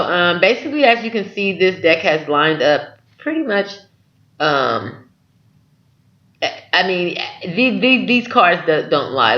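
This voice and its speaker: A man's voice: sits high, muffled recording. A man giving a spiritual tarot reading to his viewers, earnest and encouraging, often checking in with "okay?". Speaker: tarot reader.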